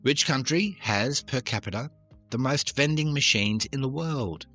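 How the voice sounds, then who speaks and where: Bright-toned jokey quiz host. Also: male voice, mid-range voice, animated, a little slow, soft background music. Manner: jokey, self-deprecating asides. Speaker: host of a trivia podcast. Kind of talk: casual quiz podcast.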